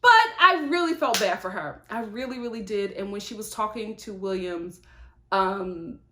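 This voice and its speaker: A woman giving a casual, animated vlog review of a reality show, sympathetic and chatty. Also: medium pitch, normal speed, roomy sound, slight background noise.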